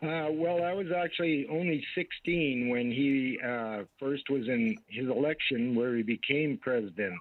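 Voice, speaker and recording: A man in his sixties calling in to a radio show, talking hesitantly with plenty of pauses. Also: mid-range voice. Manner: hesitant, lots of uh fillers. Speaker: caller. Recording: dry tinny phone line.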